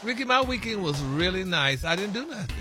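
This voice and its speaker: A man, a regular on a radio morning show, spelling out words in a flustered, drawn-out way. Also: high voice, very animated, over music. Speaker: radio show regular presenting a vocabulary segment. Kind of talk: casual radio banter.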